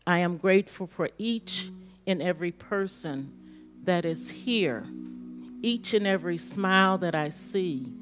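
Slow, meditative woman praying aloud in church. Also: lowish voice, animated, faint music behind. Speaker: church member leading prayer. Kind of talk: spoken gratitude prayer.

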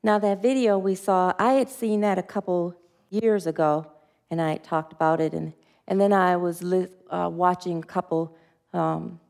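A woman's voice: fairly low pitch, moderate pace, gravelly, darkish tone. A woman minister giving a spiritual sermon, earnest and leading the group in spoken affirmations.

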